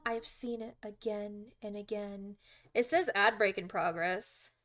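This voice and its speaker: A woman reading aloud the lines of a gentle, motherly female goat monster from a video game, in a soft, measured, solemn way. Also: medium pitch, natural voice. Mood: grave.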